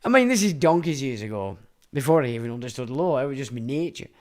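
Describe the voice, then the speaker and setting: A middle-aged man delivers a rambling livestream monologue. His talk is blunt and full of swearing, and his pitch swings widely as he rants. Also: very animated, fast. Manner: blunt, profane, ranting. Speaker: livestream host.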